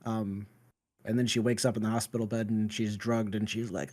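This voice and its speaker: Man, podcast panelist, animated retelling, quoted asides, casual. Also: lowish voice, a little fast.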